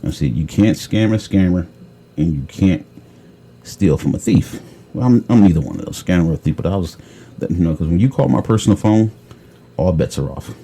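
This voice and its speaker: A man telling a story in casual chat, blunt and tough-talking, often clearing his throat. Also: low voice, expressive, normal speed, warm tone, a little hiss or hum. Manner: blunt, tough-talking, retells calls with quoted dialogue. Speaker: podcast host telling a story.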